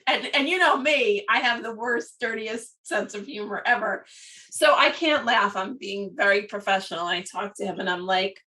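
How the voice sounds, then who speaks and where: A woman co-hosting a podcast, telling a story in a lively way and often laughing mid-sentence. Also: medium pitch, normal speed, distant mic. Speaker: podcast co-host. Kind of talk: casual storytelling chat.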